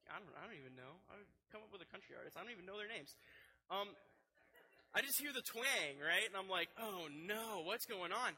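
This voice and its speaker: Bright-voiced, animated young male preacher. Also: a little high, rough recording. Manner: animated, storytelling, addresses listeners directly. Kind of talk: sermon with personal story.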